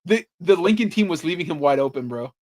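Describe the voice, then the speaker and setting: A man on a podcast telling sports stories in a casual, animated way, swearing freely and saying "like" a lot. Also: fairly high pitch, fast. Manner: animated storytelling, swears freely, lots of "like" fillers. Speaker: podcast host. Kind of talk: casual chat.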